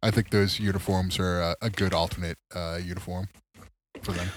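This low-pitched man keeps a level tone and a moderate pace while co-hosting a podcast. Sounding tired and laid-back, he talks baseball casually and curses without hesitation.

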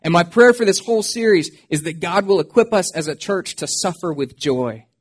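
A male pastor delivering a sermon in a slightly higher-than-average voice. He preaches earnestly and expressively. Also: expressive, moderate pace, husky.

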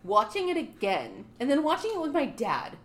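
A woman's voice: sits high, huge pitch swings, moderate pace, a crowd in the background. A young woman co-hosting a casual chat, telling playful, cheeky stories. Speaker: podcast co-host.

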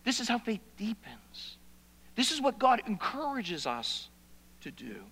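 A man's voice: high voice, wildly swooping pitch, measured pace, gravelly, breathy edge. Impassioned male preacher in a reverberant hall. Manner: preaching with wide swings from hushed to loud. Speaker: pastor. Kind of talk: sermon.

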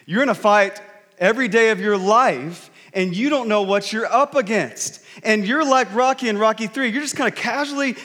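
A man's voice: sits high, normal speed, bright, forceful tone, big-room sound. A male pastor preaching a sermon in a conversational, jokey storytelling way. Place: large church hall.

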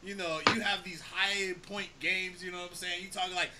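A man in his thirties, co-host of a casual chat, opinionated and animated, telling stories and swearing casually. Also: high-pitched, fairly quick, very noisy.

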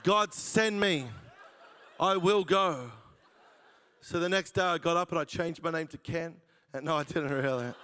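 Joking preacher in a reverberant hall. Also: male voice, a little high, a bit bright. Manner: jokey storyteller who laughs at his own lines. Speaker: preacher giving his testimony. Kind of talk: sermon testimony.

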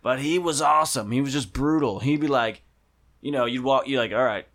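A man chatting casually on a podcast, telling animated stories and swearing freely. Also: mid-range voice, brisk.

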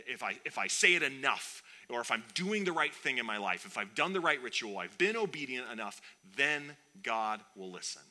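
A man preaching a sermon in a conversational, animated way, with playful asides. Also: lowish voice. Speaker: pastor.

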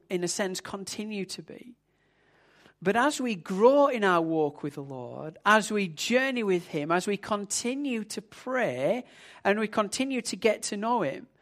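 A man preaching a sermon in a relaxed, conversational storytelling manner with casual asides. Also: high-pitched.

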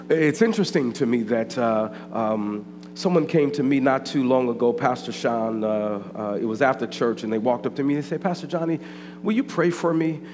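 A man's voice: mid-range voice, a little mellow. Preaching man in an echoing church. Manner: preaching with strong emphasis, slow deliberate repetition. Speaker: pastor. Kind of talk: sermon. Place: church sanctuary. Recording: long hall reverb, faint hum.

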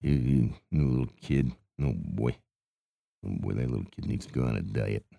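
A man's voice: rumbling low, lively intonation, normal speed, vocal fry, mellow, dry recording, studio quality, heavily acted. A man playing a hapless, grumbling carnival cotton candy vendor in an improvised character monologue, mumbling and stammering with groaning sighs.

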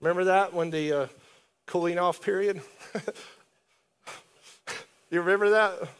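Preacher, male, higher voice, animated and chatty delivery to a congregation. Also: unhurried, smooth. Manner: conversational, animated preaching with asides and laughs. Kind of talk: sermon.

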